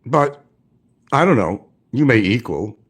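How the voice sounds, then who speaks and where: A husky, medium-pitched man with lively intonation and a measured pace hosts a stream indoors. His commentary is casual and sarcastic, taunting its target, whom he addresses as "son."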